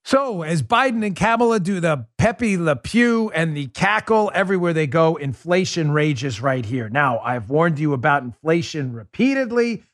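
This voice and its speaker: A man's voice: a little high, expressive, normal speed, few pauses, no echo, clean studio sound. A man hosting a political talk show, delivering an emphatic, sarcastic monologue full of rhetorical questions.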